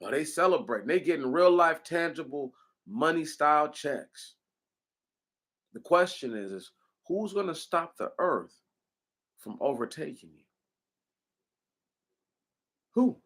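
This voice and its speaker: A man's voice: on the high side, sing-song, measured pace, fairly bright tone. Man preaching with rhetorical questions. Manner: emphatic, repetitive rhetorical questions, preaching cadence. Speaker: commentator. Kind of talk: impassioned spoken commentary.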